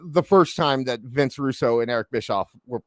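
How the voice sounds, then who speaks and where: A man hosting a wrestling talk show in casual chat, animated and full of stammering restarts. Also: medium pitch, normal speed, dry recording. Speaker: wrestling podcast host.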